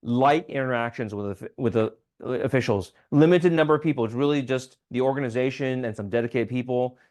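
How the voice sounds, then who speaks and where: A man's voice: mid-range voice, brisk, a little mellow. A man who is a state legislator giving a casual training talk at a town hall meeting, with frequent ums and restarts and checking in with "okay?".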